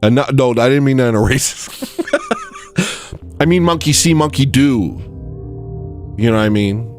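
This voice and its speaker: A man's voice: mid-range voice, normal speed, faint music behind. A man hosting a podcast, telling a rambling story with digressions and laughing asides, often checking in with "you know what I mean.". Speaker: podcast host. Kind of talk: casual rambling monologue.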